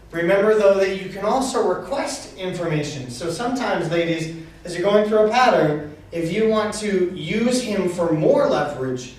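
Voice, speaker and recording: A man's voice: high-pitched, a little mellow. A man leading a dance class recap, explaining technique and chanting beats to show the rhythm. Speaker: dance instructor. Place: dance studio. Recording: very echoey room, mic far off.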